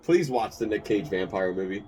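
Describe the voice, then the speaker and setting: Rambling, enthusiastic low-voiced man. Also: animated, moderate pace, a little mellow. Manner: rambling and enthusiastic, laughs often. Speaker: podcast co-host. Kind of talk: casual chat.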